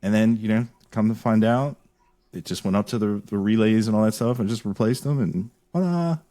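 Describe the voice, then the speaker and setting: Man, podcast host, animated, rambling, casual chat. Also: fairly low pitch, fairly quick. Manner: animated, rambling, restarts often.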